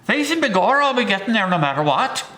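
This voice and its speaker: A bold, stubborn pioneer father with a thick Irish accent bellows that nothing will stop him, a man putting on the voice. He talks high and loud. The voice is a brogue-heavy, hearty settler out of an old tale. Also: big pitch swings, quick pace, echoey room, exaggerated voice. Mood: defiant. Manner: loud, hearty, pushing ahead.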